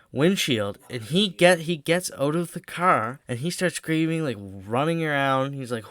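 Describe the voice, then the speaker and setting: A man's voice: mid-range voice, fairly bright tone, clean tone, no echo, studio quality. Rambling, joking teenage guy telling a story. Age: teens. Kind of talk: casual storytime vlog.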